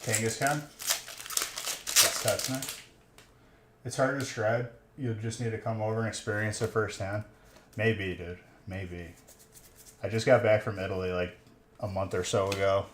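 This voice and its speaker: A young livestream host breaking card boxes talks through a headset in a laid-back chat with his stream, peppering his speech with "dude" and "bro." His voice is on the low side, steady in tone, at a normal speed with long pauses. He's in an echoey room in a collectibles shop with faint background noise.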